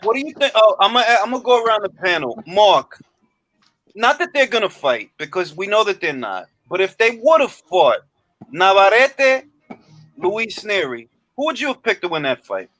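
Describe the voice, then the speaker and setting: A man's voice: high-pitched, very animated, moderate pace, a bit bright. A man hosting a casual boxing talk show, with slangy banter. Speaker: host. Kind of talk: casual chat.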